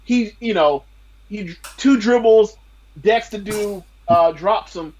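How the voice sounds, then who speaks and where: A man's voice: high-pitched, takes it slowly, darkish tone, low-quality recording. A man appearing as a guest on a wrestling podcast, chatting in a blunt, mocking way with many fillers. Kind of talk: casual wrestling review chat.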